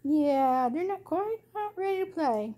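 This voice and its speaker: A woman's voice: very high voice, expressive, unhurried, mellow. A woman cooing at her puppies in doting, sing-song baby talk. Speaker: dog owner filming her puppies.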